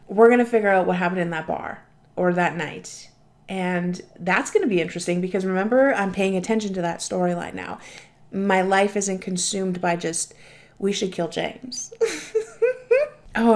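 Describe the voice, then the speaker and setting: A woman's voice: on the low side, darkish tone. A young woman hosting a reaction video, talking in a chatty, gushing way and swearing casually. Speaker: reaction channel host.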